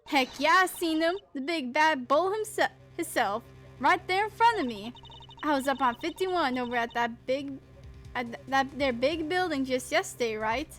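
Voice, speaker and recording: A brash, folksy woman photographer barks in a high, drawling put-on Southern accent, as a woman voices her. She talks slangy and pushy, shooing people off. Faint game music hums under her. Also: lively intonation, moderate pace, a bit bright. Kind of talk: game voice-acting.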